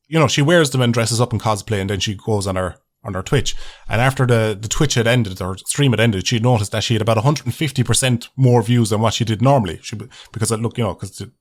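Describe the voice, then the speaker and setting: Male vlogger, casual sweary comic rant, average pitch. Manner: sweary, mocking, laughs often. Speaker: comedy vlogger. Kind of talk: casual ranting monologue.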